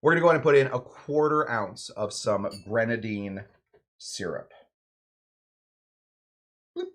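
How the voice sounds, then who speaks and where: A man's voice: mid-range voice, expressive, normal speed. A man hosting a home cocktail show, chatting casually and joking around while he mixes a drink. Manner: playful, jokey, rambling asides.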